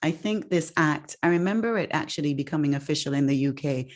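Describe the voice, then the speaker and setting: Lady podcast host, deep-ish voice, chatty, giggles a lot. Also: quick pace, hardly any pauses. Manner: laughs often, chatty and expressive. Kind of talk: casual podcast chat.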